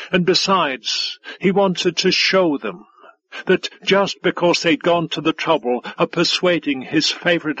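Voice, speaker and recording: Husky, higher-voiced male audiobook narrator. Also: fairly bright tone, muffled recording. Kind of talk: scripted narration.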